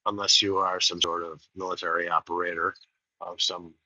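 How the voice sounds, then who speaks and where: A man's voice: deep voice, flat delivery, moderate pace, sharp tone, dry recording. A man hosting a rambling walk-and-talk livestream outdoors by rice fields, chatty and digressive, on a dull lo-fi recording. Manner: digressive, chatty, folksy asides. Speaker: host.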